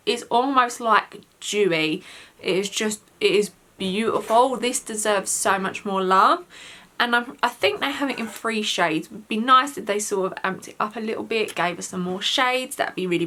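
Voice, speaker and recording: A woman's voice: medium pitch, pushed and bright. A woman giving a casual, gushing review of her favourite products, chatty and full of "like" and "um". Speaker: beauty vlogger.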